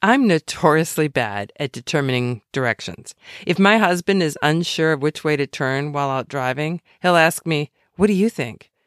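Lively-voiced woman reading her own book. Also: low voice, no room sound, studio quality. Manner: expressive, conversational storytelling with wry asides.

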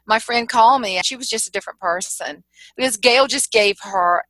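A middle-aged woman with a Southern accent from South Carolina, a humorist guest telling lively stories in a casual interview and laughing often. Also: on the high side, fairly quick, dry recording, low-quality recording. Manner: storytelling, animated, laughs often.

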